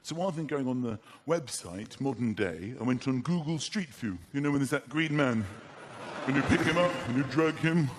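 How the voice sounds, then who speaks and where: Stand-up guy, very animated delivery, crowd noise in the theatre. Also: mid-range voice, normal speed. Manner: animated, acts out little scenes and voices. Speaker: comedian. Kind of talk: stand-up comedy. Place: large theatre stage. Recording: live theatre with audience noise.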